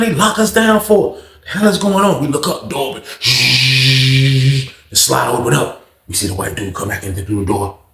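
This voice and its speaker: A man's voice: medium pitch, a bit bright, echoey room. A man telling a prison story casually and acting out the other people's lines. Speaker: storyteller host.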